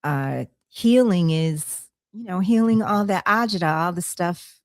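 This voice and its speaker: A low-pitched woman hosting a podcast, chatting over a video call. She rambles, circling back with fillers and restarts. The sound is dry and close. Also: animated, measured pace, dry recording. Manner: rambling, with many fillers and self-corrections. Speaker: podcast host. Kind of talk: casual conversation.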